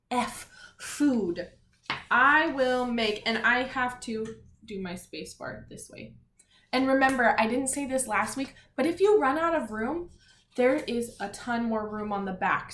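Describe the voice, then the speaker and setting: A woman teaching a lesson to young children, patient and clear, sounding out letters and words one by one. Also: a little high, a little slow, fairly bright tone. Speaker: elementary school teacher. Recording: roomy echo, faint background noise.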